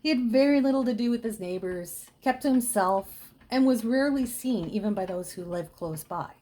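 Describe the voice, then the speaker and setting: Woman telling a creepy true story, chatty, goes all hushed on the gross parts. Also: fairly high pitch, animated, normal speed. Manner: chatty with dramatic hushed dips. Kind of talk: casual spooky storytelling.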